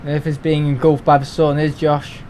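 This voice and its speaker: A man's voice: on the high side, completely flat delivery, normal speed, darkish tone, slight background noise, poor audio. A young man, chatting casually on a live stream, rambling and grumbling as he talks. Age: young adult. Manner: rambling, grumbling, mimics other people in asides.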